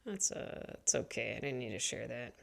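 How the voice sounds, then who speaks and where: A woman comedian telling rambling stories in a casual, mumbly way and acting out quotes in higher voices. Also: lively intonation, moderate pace, creaky. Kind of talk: casual comedic storytelling monologue.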